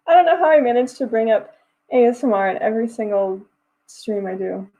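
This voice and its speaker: A woman's voice: on the high side, normal speed, dark tone, low-quality recording. Giggly young woman chatting on a livestream. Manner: giggly, chatty, many fillers and restarts. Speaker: writing livestream host. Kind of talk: casual livestream chat reading comments.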